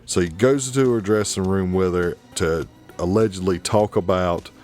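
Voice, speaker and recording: A man hosting a podcast, giving a casual, profane and animated movie review with plenty of exasperation. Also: sits low, moderate pace, soft background music. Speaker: podcast host.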